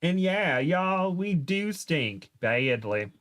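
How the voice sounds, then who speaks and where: A man's voice: on the high side, very animated, slow pace, fairly bright tone, voice pushed up, full character voice. A man reading aloud and voicing a brash, joking teenage girl with a folksy American Southern accent. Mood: gleeful. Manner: folksy, gleeful.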